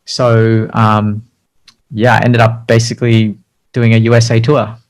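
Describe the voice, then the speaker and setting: A man's voice: fairly low pitch, completely flat delivery, measured pace, low-quality recording. Man, interview guest; casual, filler-heavy, self-deprecating storyteller. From Australia.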